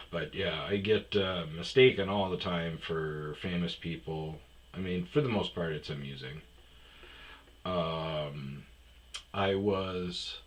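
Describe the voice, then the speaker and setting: A man hosting a podcast, telling personal stories in a casual, rambling way, with frequent "uh"s and restarts, switching to a higher voice to mimic other people. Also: fairly bright tone, rough recording. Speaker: podcast host.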